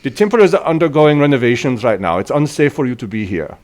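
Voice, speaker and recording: A man voicing an older male human priest who calmly repeats the same polite refusal. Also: mid-range voice, quick pace, pitched above the performer's own voice, close to an everyday voice. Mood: stiffly polite.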